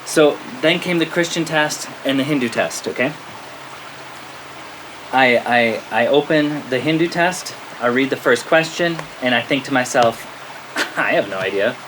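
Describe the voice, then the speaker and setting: An American man, a spiritual teacher, telling a story to his listeners in a lively way, often checking in with "okay?" and laughing at himself. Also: medium pitch, measured pace. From United States. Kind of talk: storytelling talk to a spiritual audience. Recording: steady rain-like background noise.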